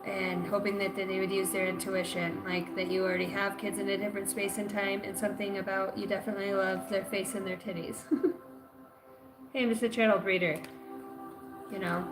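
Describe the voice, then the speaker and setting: A woman's voice: medium pitch, little pitch movement, a little fast. A woman giving a loose, rambling spiritual reading on a live stream, slangy and full of swearing. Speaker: spiritual reader. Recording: echoey room with music behind.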